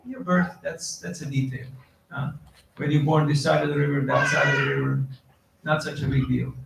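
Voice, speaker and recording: Male preacher, raised pitch, gravelly, quizzes the crowd; roomy hall sound with faint noise. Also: fairly even intonation, a little fast. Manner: questions the audience, quotes Sanskrit verses. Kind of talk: devotional lecture. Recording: echoey hall, distant mic, faint noise.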